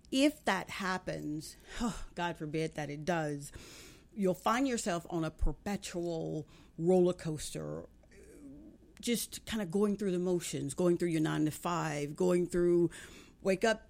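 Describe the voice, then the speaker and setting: A woman's voice: fairly low pitch, gravelly, darkish tone. A woman hosting a radio talk show, giving an emphatic motivational faith talk in a preaching cadence.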